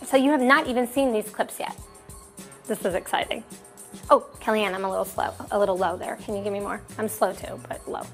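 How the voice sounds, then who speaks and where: A woman's voice: mid-range voice, steady tone, brisk, soft background music. A woman hosting a comedy showcase, bantering in a wry, campy way. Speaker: show host.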